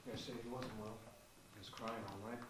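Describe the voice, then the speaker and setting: A man's voice: on the low side, fairly even intonation, normal speed, noisy background, close to an everyday voice. A man with an Irish accent playing a guarded young husband in a stage play, giving clipped, defensive replies. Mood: worried. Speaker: stage actor. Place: theatre stage. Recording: echoey stage from far off.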